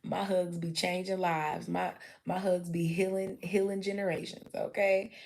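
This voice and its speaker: A woman's voice: fairly low pitch, little pitch movement, measured pace, vocal fry, a little mellow. A young adult woman, chatting candidly on a livestream, swearing freely and acting out quotes. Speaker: livestream host. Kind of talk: casual storytelling chat.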